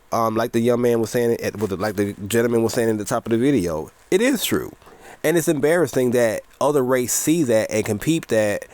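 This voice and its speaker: A man's voice: mid-range voice, darkish tone, no echo. A man giving earnest, rambling casual commentary to his viewers. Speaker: commentary vlogger.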